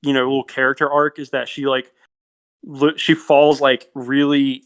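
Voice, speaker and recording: A man's voice: mid-range voice, moderate pace, clear, resonant tone. A man co-hosting a podcast, casually talking through movie scenes with lots of fillers and laughs. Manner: animated retelling of scenes, frequent likes and laughs. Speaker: podcast co-host. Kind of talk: casual film discussion.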